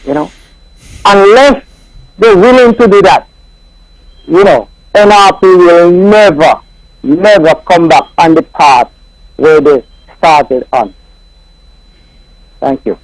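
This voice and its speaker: A man from Nevis, calling in to a radio show. He speaks haltingly and repeats words as he searches for what to say. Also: high-pitched, animated, dry recording, poor audio. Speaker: caller.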